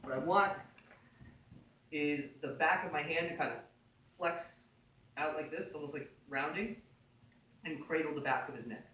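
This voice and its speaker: This man's voice sits on the high side, bright and forceful, at normal speed with long pauses. He's casually instructing a class on a jiu-jitsu choke in a martial arts gym, joking, conversational, and frequently asking "right?" He was recorded from a distance in an echoey room.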